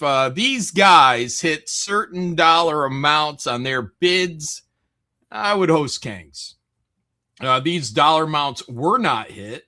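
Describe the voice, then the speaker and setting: Male stream host, loose rambling chat, bright tone, animated pitch. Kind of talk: casual livestream chat.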